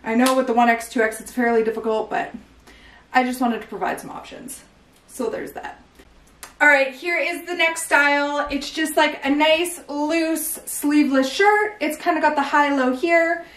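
Bubbly high-voiced woman in an echoey room. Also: fairly even intonation, normal speed, fairly bright tone. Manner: bubbly, chatty, heavy use of "like" and slang. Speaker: clothing store owner showing new stock. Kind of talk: casual try-on haul. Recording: echoey room, some distance from mic.

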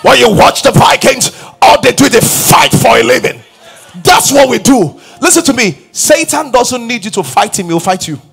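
A middle-aged man preaching a fiery sermon, shouting commands and muttering mocking quotes in a raspy voice. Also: sing-song, moderate pace, a faint crowd. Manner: shouting, acts out mocking quotes in low mumbles. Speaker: pastor. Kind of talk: energetic sermon.

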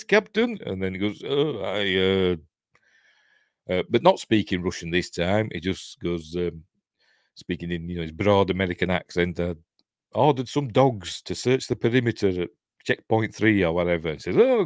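A middle-aged male channel host and film commentator with a broad Yorkshire accent rambles through a movie he's watching in a casual watch-along, often pausing for ums and small chuckles. His voice is a little low, and the sound is dry and close with no echo.

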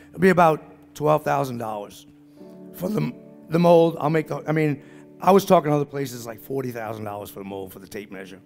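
A man speaking at a business summit, telling a story to the audience in an animated way and acting out what everyone in it said. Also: mid-range voice, a little fast, creaky, faint music behind. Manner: animated, acts out the dialogue of the people in his story.

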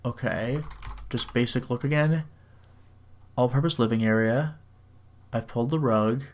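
A man reading out a text adventure game and typing commands, with dry, wry asides and slowly drawled commands. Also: mid-range voice, darkish tone. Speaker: game video host. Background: faint keyboard typing.

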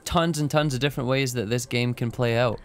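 A woman's voice: a bass voice, steady tone, brisk. A woman co-hosting a casual let's-play, wry and teasing in her banter. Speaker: co-host of a gaming channel.

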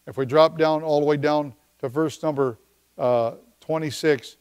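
A man preaching a midweek church sermon, talking in a conversational way with pauses and slowing down to read scripture. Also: a little high, fairly even intonation, a little mellow, clear, resonant tone. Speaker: pastor. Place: church service.

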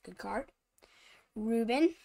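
A female host talks through a card-opening video at a slow, unhurried pace, her fairly high voice carrying a gravelly edge of vocal fry. She halts often, fills gaps with fillers, and keeps apologizing for stumbling over names. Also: animated, dark tone. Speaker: channel host showing baseball cards. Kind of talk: casual card-opening commentary.

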